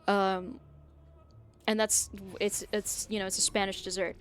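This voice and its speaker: A woman's voice: medium pitch, flat delivery, unhurried. A young woman streamer in her twenties chatting casually as she plays, venting and swearing, with lots of filler words. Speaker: gaming streamer. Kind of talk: casual chat while playing.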